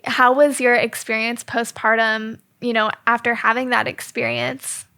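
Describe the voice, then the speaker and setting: Woman podcast host, encouraging, gravelly and bright. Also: a little high, flat delivery, a little slow. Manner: encouraging, frequent affirming murmurs. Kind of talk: interviewing a guest.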